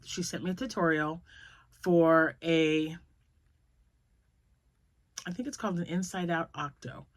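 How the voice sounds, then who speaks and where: A woman's voice: sits low, fairly even intonation, a little slow, long pauses, no room sound. A woman in her fifties, a grandmother, chatting casually to her viewers in a rambling, storytelling way. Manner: rambling, storytelling, laughs often. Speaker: crochet vlogger.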